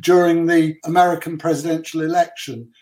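A man's voice: fairly high pitch, little pitch movement, a little fast, darkish tone. An older man, chatting as a guest and grumbling with strong opinions. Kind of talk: casual chat.

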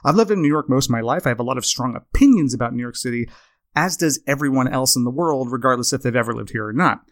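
A man's voice: medium pitch, expressive, fast, a bit bright, dry recording, studio quality. A man hosting a comedy podcast, delivering a rambling, self-deprecating monologue. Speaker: podcast host.

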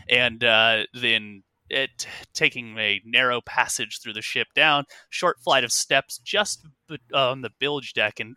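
A man running a tabletop game as game master, explaining rules and scenes in a rambling way full of fillers and self-corrections. His voice is very bright and recorded dry and close. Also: medium pitch, clear, resonant tone, no echo. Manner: rambling, many fillers and restarts.

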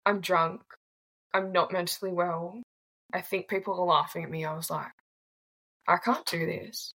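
Blunt Australian woman in her twenties; low, gravelly delivery with a casual, swearing edge. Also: moderate pace, pushed and bright, low-quality recording. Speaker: guest. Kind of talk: candid personal storytelling.

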